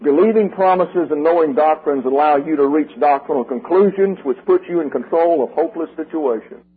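Older man, preacher, husky voice, emphatic sermon delivery, tinny radio sound. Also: a little high. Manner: emphatic, numbered points, slogans repeated slowly.

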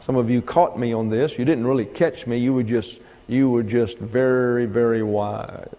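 A man teaches a Bible class in a loose, folksy way, wandering into asides and spelling words out letter by letter. His voice is dark and mellow. Long reverb from a hall trails behind him. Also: medium pitch, fairly even intonation, moderate pace.

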